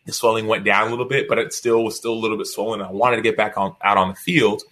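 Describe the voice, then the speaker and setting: A man in his thirties telling stories as a podcast guest, animated and acting out what others said, often adding "right?". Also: fairly low pitch, quick pace. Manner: animated storyteller, acts out quotes, frequent "right?". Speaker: guest author. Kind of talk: podcast interview storytelling.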